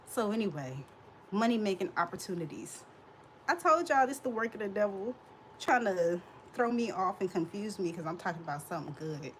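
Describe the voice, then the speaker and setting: Hosting a casual livestream from a hot room, a woman in her thirties laughs and fires sassy replies back at her chat. She talks at normal speed in a medium-pitched voice with lively intonation, over slight background noise.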